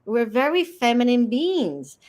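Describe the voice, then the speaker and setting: Brief: Dominican-accented woman guest, Spanish native, passionate storyteller, pitched fairly high. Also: sing-song, unhurried, darkish tone. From Dominican Republic. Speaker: guest author. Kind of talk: casual interview.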